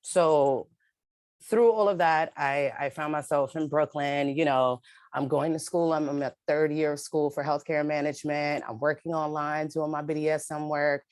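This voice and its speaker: A woman's voice: sits low, fairly even intonation, moderate pace, darkish tone, no room sound. A woman, an advocate telling her own story in a direct, emphatic way on a video call. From New York City. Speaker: advocate and panelist. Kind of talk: spoken-word poem, then personal testimony. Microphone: remote video call mic.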